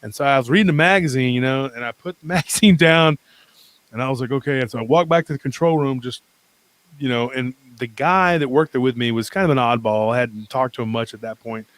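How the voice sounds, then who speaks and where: Man, podcast guest, middle pitch, rambling storyteller, dry close sound. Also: a little fast, no room sound. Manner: rambling, animated, lots of fillers and restarts.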